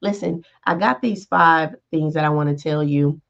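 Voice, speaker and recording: This woman, a life coach hosting a podcast, speaks in a deep, creaky voice at a moderate pace over a muffled recording. Her motivational monologue stays casual and conversational, often punctuated by "right?" and "all right".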